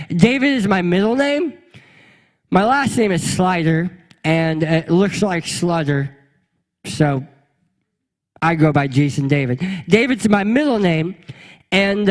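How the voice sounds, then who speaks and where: Telling a comic story from the pulpit, a young pastor slips into different voices for each character. His voice is high and bright, echoing with a long reverb as though he stands in a large hall.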